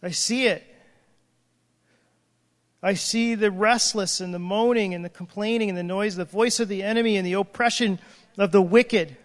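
A man's voice: high voice, fairly even intonation, moderate pace, long pauses. A man preaching an emotional sermon, crying out in prayer and breaking off mid-sentence. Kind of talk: impassioned sermon. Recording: long hall reverb.

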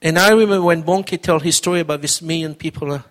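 Middle-aged man, pastor giving a personal testimony sermon; earnest and conversational, repeats himself, pitched a bit high. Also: quick pace, fairly bright tone.

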